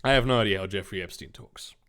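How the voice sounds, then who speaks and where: A man's voice: on the low side, quick pace, bright, forceful tone. A man reading fanfiction aloud, breaking off into sarcastic, incredulous, swearing commentary.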